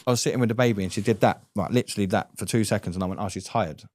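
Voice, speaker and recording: Fast-talking man, low voice, sweary storyteller, podcast guest, dry sound. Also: darkish tone, no room sound. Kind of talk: candid podcast conversation.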